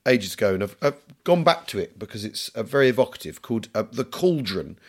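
A middle-aged Englishman co-hosts a history podcast in a casual chat, his lowish voice fairly quick with big pitch swings. He jokes and rambles, full of fillers and restarts.

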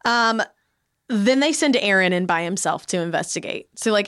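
Woman co-host, mid-pitched, sarcastic, profane, casual storytelling. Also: lively intonation, normal speed, fairly bright tone, smooth. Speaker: podcast co-host. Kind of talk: casual chat.

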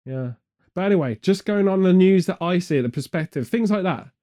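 A man's voice: high-pitched, lively intonation, a little fast, warm tone. A man from the UK chatting casually, spinning meandering, absurd comic tangents with a straight face. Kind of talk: comedic rambling chat.

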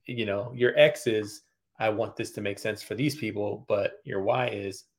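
Designer guest, fairly low male voice, steady explainer, plays out client talk. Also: normal speed. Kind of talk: casual interview answers.

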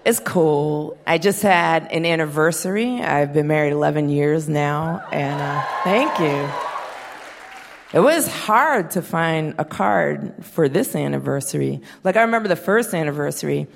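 A woman in her thirties doing a stand-up comedy set, blunt and profane, with sardonic deadpan punchlines. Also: sits low, measured pace, creaky. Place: stage before a live audience. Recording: hall reverb and faint hiss.

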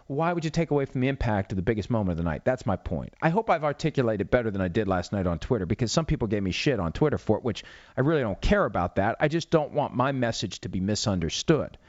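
A middle-aged man hosts a solo podcast, ranting with rhetorical questions before moving on to listener questions. He has a mid-range voice. There's no echo, though the highs are cut off.

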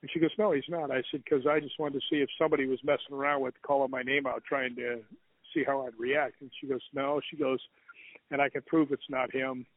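A man, a guest who hunts ghosts, tells a rambling, animated story and acts out the other people's lines. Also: mid-range voice, fairly quick, no room sound. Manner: rambling, animated retelling with quoted dialogue. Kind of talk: casual storytelling interview. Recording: tinny phone line, dry.

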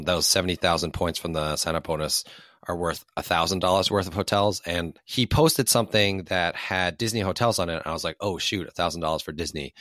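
Low, hoarse man chatting on a podcast. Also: fairly bright tone, no echo. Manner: joking, conversational. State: hoarse from a cold. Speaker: podcast co-host. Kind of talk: casual chat.

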